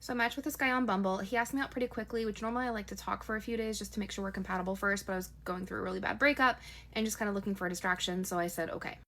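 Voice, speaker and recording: Fast-talking woman telling a story. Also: mid-range voice, fairly even intonation, a bit bright. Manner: quick, chatty retelling with quoted dialogue. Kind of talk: casual storytime.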